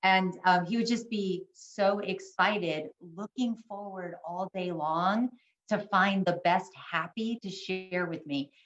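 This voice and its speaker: A woman's voice: medium pitch, slow, fairly bright tone, echoey room, highs cut off. An older woman co-presenting an online workshop, telling a family story earnestly, with many ums and restarts. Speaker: webinar co-presenter. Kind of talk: casual storytelling to an online audience. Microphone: video call.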